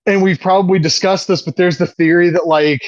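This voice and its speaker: A man's voice: high voice, steady tone, fairly quick, no echo, lo-fi sound. A man co-hosting a podcast in casual chat, swearing often and talking with eager enthusiasm. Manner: profane, enthusiastic wrestling fan. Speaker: podcast co-host.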